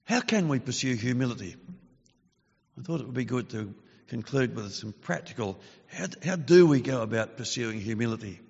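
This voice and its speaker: A man preaching a sermon in an earnest, measured way, his voice growing forceful when he reads scripture. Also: mid-range voice, expressive, gravelly, husky. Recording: dull lo-fi sound with long reverb.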